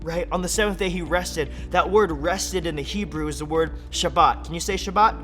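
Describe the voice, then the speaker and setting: A young man giving an energetic, playful sermon for children, full of jokes and acted-out voices. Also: fairly high pitch, a little fast, faint music behind. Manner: playful, animated, acts out silly voices and laughs. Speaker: kids ministry speaker.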